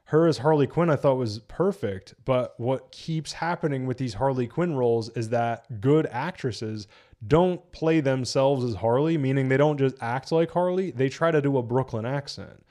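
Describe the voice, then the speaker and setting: A young man from New Jersey casually reviewing on a live stream, animated, swearing and laughing often. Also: mid-range voice, moderate pace.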